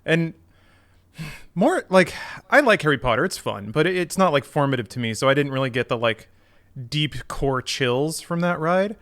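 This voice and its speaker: A man with a somewhat high voice co-hosts a casual podcast chat. He rambles through long, playful riffs and builds them up as he goes. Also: big pitch swings, normal speed, fairly bright tone. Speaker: podcast co-host.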